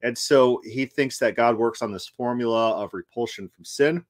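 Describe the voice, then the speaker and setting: A man's voice: mid-range voice, normal speed, no echo, clean studio sound. A man hosting a casual commentary, talking loosely with restarts as he critiques a clip. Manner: conversational, restarts, laughs while critiquing. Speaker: host.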